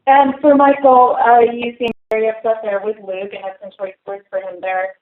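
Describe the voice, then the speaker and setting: A woman's voice: on the high side, level tone, moderate pace. Reporter, female, polite questioner; phone line sound. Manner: polite, follows up. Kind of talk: press questions.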